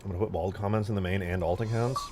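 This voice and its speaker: A man's voice: low voice, rapid-fire, slight background noise. A young man casually chatting with his livestream chat while modding a game, joking around and swearing often. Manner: animated, swears often, jokey banter with chat. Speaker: streamer modding a video game.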